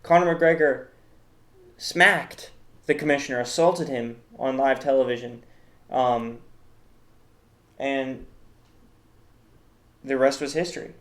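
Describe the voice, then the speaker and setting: A male host works through a comedic tier list in a rambling, mock-serious way, often stopping on fillers and restarts. His voice sits at an ordinary middle pitch for a man. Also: steady tone, takes it slowly, long pauses, a bit bright.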